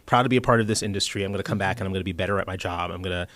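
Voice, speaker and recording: A man co-hosting a casual chat show, bantering in a playful, expressive way. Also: low-pitched, racing, no echo. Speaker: co-host.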